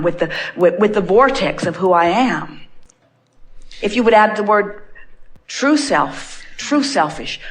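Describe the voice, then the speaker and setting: A woman giving an inspirational talk to an audience as a spiritual teacher. She speaks as a collective "we", repeats phrases for emphasis and stretches out key words. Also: mid-range voice.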